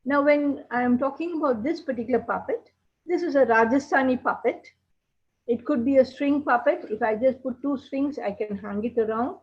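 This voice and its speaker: A woman teaching a puppetry workshop, explaining how to make puppets in a gentle, explanatory way. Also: high-pitched, normal speed. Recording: dull lo-fi sound.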